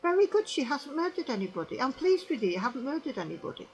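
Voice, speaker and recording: Brief: a just and kindly male God who gives gentle praise, as a woman puts him on, high and animated. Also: fast talker, rough recording. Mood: approving.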